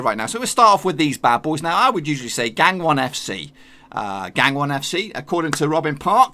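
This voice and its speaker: A man's voice: a little high, sharp tone. A man hosting a football channel, talking in a chatty, jokey way with plenty of slang. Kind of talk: casual football vlog.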